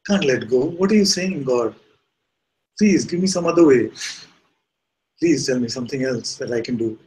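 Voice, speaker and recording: A man voicing a frantic man hanging from a cliff, shouting desperate pleas for help. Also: mid-range voice, fast talker, close to an everyday voice, low-quality recording.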